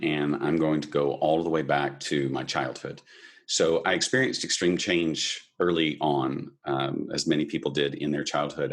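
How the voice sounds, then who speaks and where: A man hosting an interview, asking gentle, probing questions that often stall and restart. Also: rumbling low. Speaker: host. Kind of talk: conversational interview.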